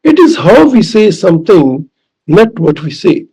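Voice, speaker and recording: A man with a Pakistani English accent lecturing as a professor, deliberate and repetitive, with fillers. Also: high voice, very animated, a little mellow, slightly rough, rough recording. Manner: slow, deliberate, repeats key points with fillers. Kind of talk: recorded lecture.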